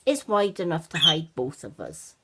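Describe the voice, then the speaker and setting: Fussy rabbit always shushing, bit bossy, grandma doing it, storybook. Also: female voice, low-pitched, sing-song, moderate pace, very noisy. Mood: helpful. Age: older.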